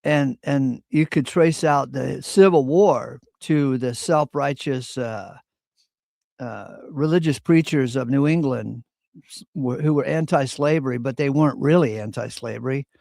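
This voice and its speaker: Gravelly man, opinionated. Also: medium pitch, unhurried, a little mellow, no room sound, studio quality. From Virginia. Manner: opinionated storyteller, clears throat often. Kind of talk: casual chat.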